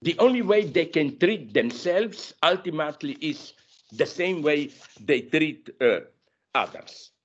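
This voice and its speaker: Animated male lecturer, dull lo-fi sound. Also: on the high side, measured pace. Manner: animated, digressive, frequent self-corrections. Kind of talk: masterclass lecture. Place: university lecture room.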